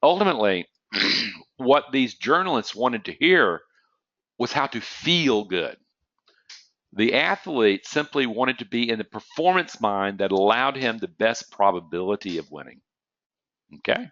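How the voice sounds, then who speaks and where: A man's voice: medium pitch, expressive, a little slow, fairly bright tone, dry recording, lo-fi sound. A man giving an online lecture on trading psychology, telling stories conversationally and often checking in with "okay?", with an occasional cough. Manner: conversational, storytelling with frequent "okay?" check-ins.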